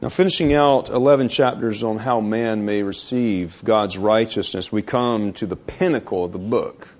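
A male pastor preaching a sermon, building through emphatic rhetorical questions and slowing down to stretch key phrases. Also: fairly low pitch.

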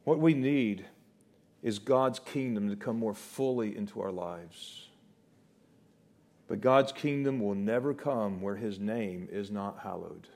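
A man preaching a sermon, swinging from loud, rising declarations to soft, slow, hushed passages. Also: fairly low pitch.

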